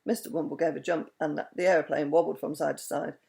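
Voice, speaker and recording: A woman reading a children's story aloud in an expressive, animated way. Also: low-pitched, fast talker, creaky.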